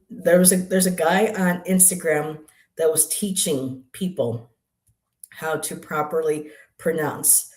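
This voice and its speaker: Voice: mid-range voice, darkish tone. Rambling spiritual chat in a roomy space. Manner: meandering, halting, with many asides. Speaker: livestream co-host, artist and poet. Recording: roomy echo.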